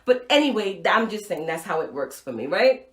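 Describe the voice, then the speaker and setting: A middle-aged woman hosting a live show, telling a personal story with playful, expressive swings between loud and soft. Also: medium pitch, fairly quick, echoey room, a little hiss or hum. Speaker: live show host and speaker.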